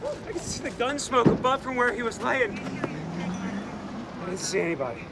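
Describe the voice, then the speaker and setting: A man's voice: high voice, moderate pace, heavy background noise. An actor playing a shaken male witness at a shooting scene, talking in a breathless, urgent rush.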